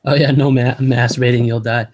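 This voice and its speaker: A man's voice: mid-range voice, level tone, a little fast, darkish tone. A man hosting a casual online hangout, rambling and swearing a lot, full of fillers, sometimes stumbling over his words. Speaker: motovlog host.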